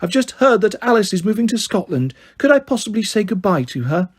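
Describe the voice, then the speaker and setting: A man's voice: high voice, big pitch swings, a little fast, slightly rough, voice pushed up, heavily acted. A man doing a silly posh put-on girl voice. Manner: silly, snobby, muffled. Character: schoolgirl faking a posh, plummy voice.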